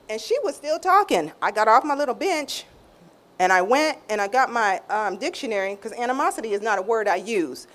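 Animated woman telling her testimony. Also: a little high, fairly quick. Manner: animated storytelling, acts out quotes in raised tones. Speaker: guest sharing a testimony. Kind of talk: emotional personal testimony.

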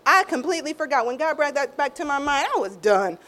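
A middle-aged woman sharing an emotional faith testimony in a casual, expressive way, often restarting phrases and acting out what others said. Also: quick pace. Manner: expressive, acts out quoted voices with big pitch swings; informal, repeats and restarts phrases. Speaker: guest sharing a personal testimony.

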